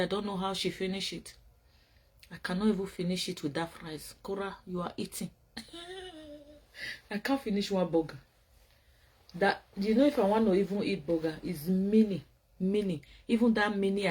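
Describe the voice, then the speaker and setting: A woman's voice: mid-range voice, warm tone, breathy edge. A woman hosting a casual commentary show, talking bluntly and scolding in repeated phrases. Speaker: show host.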